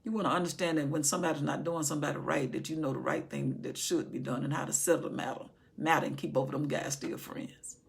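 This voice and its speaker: A woman voicing God as a soft-spoken, affectionate deity in a hushed voice. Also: deep voice, steady tone, fast, gravelly, few pauses, voice pushed down. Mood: tender. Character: God, tender and fond deity.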